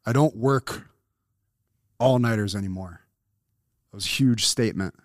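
A man's voice: lowish voice, unhurried, no echo, studio quality. A man co-hosting a podcast, chatting casually with laid-back, wry remarks. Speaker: podcast co-host.

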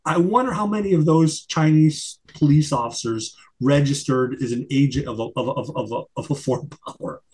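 A man's voice: fairly high pitch, brisk, few pauses, a little mellow, slightly rough. A middle-aged man, a guest in an interview, talking emphatically with many stumbling restarts. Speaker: guest, retired investigator and attorney. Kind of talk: conversational interview.

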